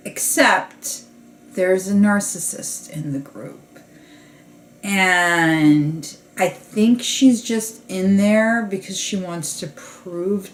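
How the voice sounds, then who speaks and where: A woman's voice: fairly low pitch, a little hiss or hum. A woman comedian talking in a rambling, casual podcast monologue, full of "like" fillers and restarts. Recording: roomy echo.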